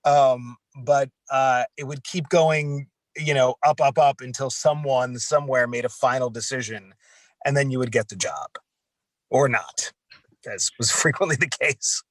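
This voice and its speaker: A man of middle pitch talks casually in an interview, rambling through his memories of auditions with plenty of fillers. His voice is recorded dry and close. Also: a little slow, no echo. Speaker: voice actor.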